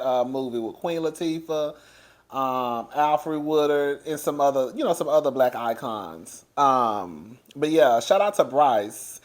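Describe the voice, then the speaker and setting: A man giving a casual recap of a reality show, loud and animated, laughing often and chatting straight to his listeners. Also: fairly high pitch. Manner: chatty, addresses listeners as girl. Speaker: TV show reviewer.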